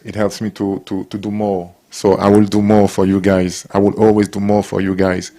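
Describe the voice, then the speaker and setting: A man speaks English in a low, mellow voice. He talks to young people casually and with encouragement, often stopping and restarting his sentences. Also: completely flat delivery. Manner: warm, encouraging, halting restarts. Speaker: guest speaker, former footballer. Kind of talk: casual talk to young audience.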